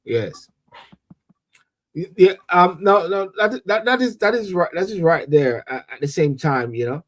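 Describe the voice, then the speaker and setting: A man, a reverend, hosting a casual political chat show, talking in an animated way and often repeating words as he starts a thought. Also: high voice, a little slow.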